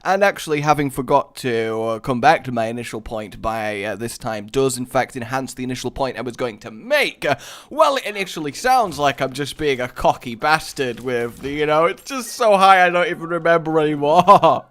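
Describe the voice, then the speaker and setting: A man's voice: medium pitch, lively intonation, normal speed, fairly bright tone. A young man hosting a let's play, rambling and joking his way through casual gameplay commentary. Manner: rambling, jokey, easily sidetracked.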